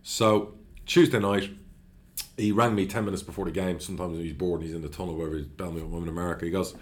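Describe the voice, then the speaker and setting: A middle-aged man, a football club chairman, chatting casually in an interview, blunt and animated, swearing freely as he tells stories. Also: deep voice, quick pace.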